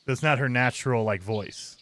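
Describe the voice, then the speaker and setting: A man's voice: mid-range voice, normal speed, fairly bright tone, slight background noise. A man hosting a let's-play, commenting casually and with exasperation over the game, often laughing. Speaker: gaming channel host.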